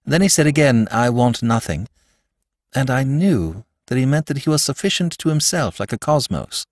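A man playing a calm, perceptive priest detective who speaks in a measured undertone and turns firm when he takes command. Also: medium pitch, no room sound, studio quality, voice pushed up. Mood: quietly intense.

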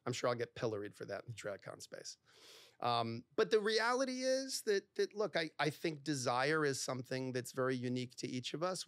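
In a clean studio recording with no echo, this middle-aged man, a divorce lawyer, shares stories during a conversational interview on a podcast. His mid-range, fairly bright voice arrives in fast bursts packed with fillers, and he acts out snippets of dialogue.

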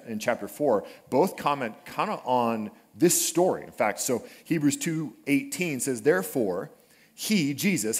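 A man delivering a sermon with the easy humor of a storyteller. His voice sits at a middle pitch, and he slips in funny asides before turning to scripture. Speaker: pastor. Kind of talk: conversational sermon. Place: church sanctuary.

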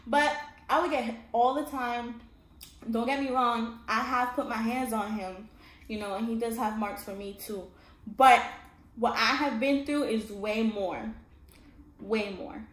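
A woman's voice: fairly high pitch, steady tone, unhurried, a bit bright. Emphatic woman in an echoey room. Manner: emphatic, keeps checking in with "all right?" and "okay?". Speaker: vlogger telling her own story. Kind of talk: casual storytime monologue. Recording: echoey room with faint background hum.

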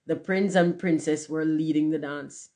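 Woman, storybook narration, unhurried, plain reading. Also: deep voice, fairly even intonation, mellow. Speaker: reader.

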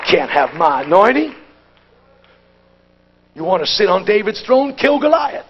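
A man preaching a Pentecostal sermon at a conference. He talks in a folksy, plain-spoken way and swings from hushed asides to shouted exhortation. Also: sits high, big pitch swings, unhurried, highs cut off, slight background noise.

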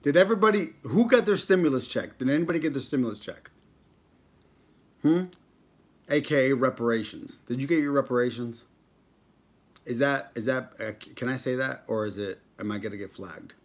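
A man's voice: mid-range voice, brisk. Joking man chatting on a livestream. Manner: joking, banters with chat, reads out viewer names. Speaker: mukbang vlogger on a livestream. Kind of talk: casual live-stream chat with viewers.

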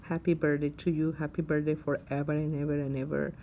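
A woman's voice: deep voice, little pitch movement, fairly quick, dark tone, muffled recording, slight background noise. A woman recording an effusive, affectionate birthday message for her daughter-in-law.

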